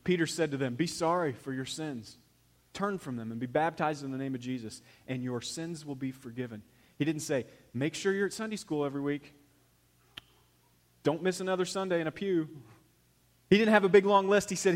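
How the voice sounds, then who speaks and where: A man, preaching a sermon to his congregation and swinging between loud emphasis and hushed intensity. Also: fairly high pitch, a little fast. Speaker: pastor. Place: church.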